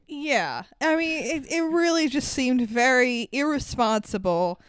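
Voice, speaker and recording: Woman co-host, casual podcast chat, blunt and sweary, smooth clear voice, dry close mic, slightly high. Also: animated, unhurried, no echo. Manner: blunt, sweary, laughs while recounting scenes.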